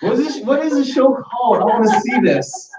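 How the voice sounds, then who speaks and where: Easygoing, animated man, distant in a roomy space. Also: extremely high pitch, a little fast. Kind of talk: casual live-stream chat. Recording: roomy, distant, dull audio with faint noise.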